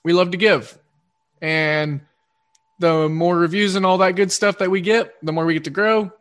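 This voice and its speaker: A high, somewhat bright voice with fairly even intonation belongs to a man with an Oklahoma twang. He hosts a sports betting podcast, running through a quick-fire, rambling casual monologue that he often corrects mid-stream.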